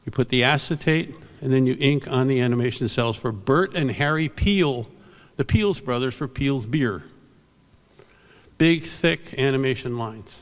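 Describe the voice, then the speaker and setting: A man's voice: mid-range voice, unhurried. An older man from New York giving a rambling, anecdotal awards speech on a convention stage, with asides to the audience. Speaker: award presenter. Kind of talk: storytelling speech at an awards ceremony. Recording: reverberant convention hall.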